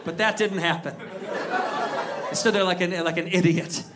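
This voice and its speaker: High-voiced stand-up comedian, loud crowd. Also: male voice, unhurried, background noise. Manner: animated, builds to shouting punchlines. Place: comedy venue stage. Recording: live club set, crowd laughter. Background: audience laughing.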